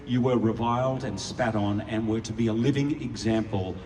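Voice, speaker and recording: A man's voice: on the low side, fairly even intonation, normal speed, dark tone, recorded from a distance, slight background noise. An Australian man joking playfully with the audience between songs on a large outdoor stage. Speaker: stage performer. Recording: echoey live venue taped from the crowd. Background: orchestra and audience.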